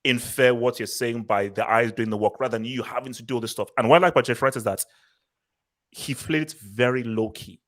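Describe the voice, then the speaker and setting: An opinionated man leads a casual film review chat. He speaks at a middle pitch for a man and strings his points together in long run-on thoughts. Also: brisk, a bit bright.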